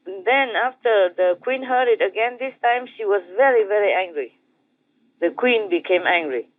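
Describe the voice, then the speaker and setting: A man with an Indonesian accent, a spiritual master telling a teaching story in a gentle, repetitive way with soft chuckles. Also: high-pitched, no echo. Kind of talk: storytelling dharma talk. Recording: tinny phone-like dry sound.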